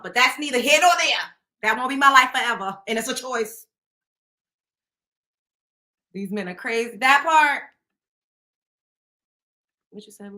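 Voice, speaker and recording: Hosting a casual chat show, a woman speaks in a bright, forceful, medium-pitched voice. She tells stories bluntly, curses a lot and laughs often along the way.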